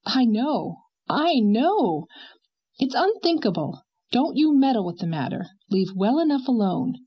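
A woman's voice: a little high, big pitch swings, unhurried, breathy edge, muffled recording, voice pushed up, heavily acted. A woman voicing a spirited young wife who argues passionately and pleads. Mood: vehement. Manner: vehement, pleading.

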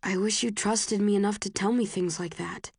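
A woman narrator voicing a guarded, blunt young man in an audiobook, keeping her voice low and restrained. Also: steady tone, normal speed, gravelly, slightly rough, no room sound, studio quality. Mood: soft apologetic.

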